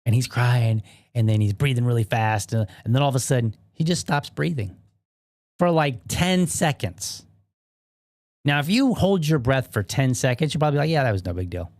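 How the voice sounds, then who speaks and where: A man's voice: mid-range voice, moderate pace, a little mellow, no echo, studio quality. A man hosting his own podcast, telling stories from his life as a father in a rambling, self-deprecating way, full of fillers and restarts. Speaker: podcast host. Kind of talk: casual solo podcast monologue.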